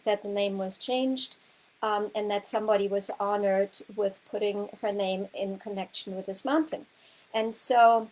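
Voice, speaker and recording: Heard through poor audio, her medium-pitched voice is a little mellow. The horsemanship coach rambles through a heartfelt personal story for her students, restarting, repeating words and correcting herself as she becomes emotional and close to tears.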